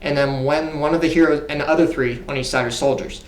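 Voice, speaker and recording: A man's voice: fairly high pitch, fairly even intonation, quick pace. Man casually recapping on a podcast. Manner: recapping plainly, with frequent ums. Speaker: podcast co-host. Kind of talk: casual chat. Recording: roomy echo.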